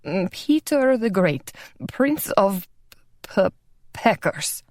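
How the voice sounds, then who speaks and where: A woman's voice: medium pitch, big pitch swings, slow, darkish tone, no echo, studio quality. A woman narrator voicing a nervous, fumbling male court secretary reading out charges. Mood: nervous formal. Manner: hesitant, stammering formal reading.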